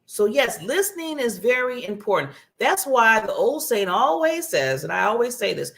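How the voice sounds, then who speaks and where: A woman's voice: a little high, very animated, moderate pace, gravelly, few pauses, fairly bright tone. Emphatic woman giving motivational advice. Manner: earnest and emphatic, repeats phrases for emphasis. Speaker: guest speaker giving advice. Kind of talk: motivational talk show advice. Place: broadcast studio.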